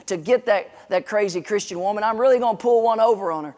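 A man's voice: high-pitched, fast, darkish tone, lightly acted. A man voicing an irritable atheist neighbor who grumbles in exasperation. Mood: scheming. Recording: long reverb in a large hall.

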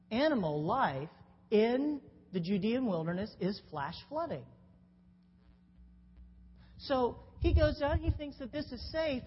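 A woman preacher giving a sermon, telling a story in an animated way, with restarts and sudden jumps in pitch. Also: husky. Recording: dull sound in a long-reverb hall with faint noise.

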